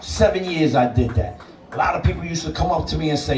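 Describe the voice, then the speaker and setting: Dj guy telling it straight and cursing, mellow voice, sounds off mic in an echoey room. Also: a little high, quick pace, far from the mic, slight background noise. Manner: blunt, emphatic, swears freely. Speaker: DJ and interview guest. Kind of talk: candid personal storytelling. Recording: roomy sound, away from the mic.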